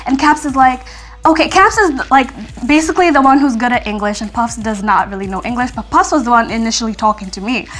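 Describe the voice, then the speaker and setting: A woman's voice: high voice, brisk. A young American woman telling a story in a casual vlog, chatty and acting out what people said. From United States. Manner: chatty, acts out quotes in lively voices, frequent fillers. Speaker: vlogger.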